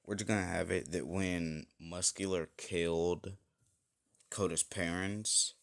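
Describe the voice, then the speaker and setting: A man's voice: low-pitched, steady tone, slow pace, creaky, smooth. A man casually retelling an improvised fan story, rambling with many fillers and self-corrections.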